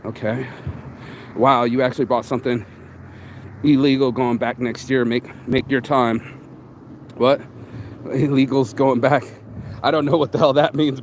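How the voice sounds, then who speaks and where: A man's voice: mid-range voice, a little hiss or hum. A man vlogging in casual motivational chat, rambling and streetwise, swearing freely and calling listeners "bro".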